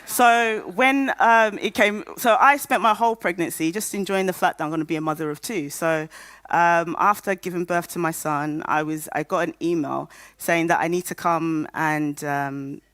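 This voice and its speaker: A woman's voice: fairly low pitch, moderate pace, fairly bright tone, smooth, dry recording. A woman in her thirties telling her personal story to a conference audience, candid and humorous, acting out the voices of people she quotes. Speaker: patient speaker at a conference. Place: conference stage.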